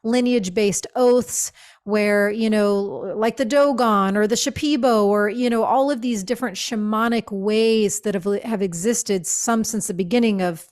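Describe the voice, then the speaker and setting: A woman speaks as a guest on a conversational podcast and tells a personal spiritual story. Her voice sits at an ordinary middle pitch. She is earnest and reflective, and she often pauses with fillers and restarts her sentences. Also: a little mellow.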